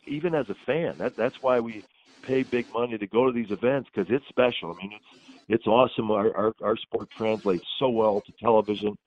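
A man with a fairly low voice, a radio sports broadcaster, speaks thoughtfully and grows more enthusiastic. The audio is dull and slightly lo-fi. The room sound is dry. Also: dry recording. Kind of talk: reflective interview answer.

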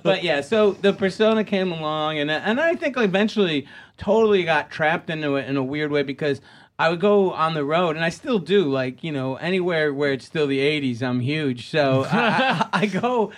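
A man's voice: on the high side, lively intonation, moderate pace. A man in his fifties, a comedian chatting casually on a podcast, rambling and restarting, laughing often. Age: 50s. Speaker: guest comedian.

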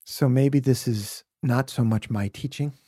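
A man from Brooklyn, a podcast guest, telling reflective personal stories in an earnest, heartfelt way, sometimes dropping to a soft near-whisper. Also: mid-range voice, measured pace, husky, no room sound. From Brooklyn, USA. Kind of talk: earnest conversational storytelling.

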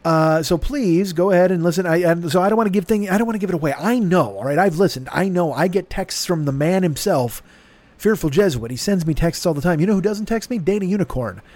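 A man's voice: high voice, fast, darkish tone, no room sound. A man hosting a podcast in a rambling, self-mocking comedic monologue, swearing freely and talking in circles. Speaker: podcast host.

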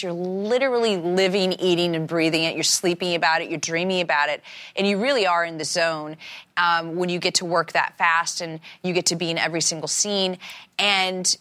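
A woman guest on a talk show with a fairly low voice. She answers thoughtfully, with many fillers and repeated words. She agrees readily with the host. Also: fairly bright tone. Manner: agreeable, often says exactly and yeah. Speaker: actress, interview guest. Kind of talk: casual interview chat.

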